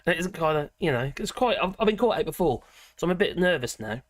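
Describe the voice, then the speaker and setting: Woman, livestream host, casual rambling chat, very animated pitch, dry sound. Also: quick pace, dry recording. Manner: rambling, chatty, self-interrupting with frequent laughs. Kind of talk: casual live chat reading viewer comments.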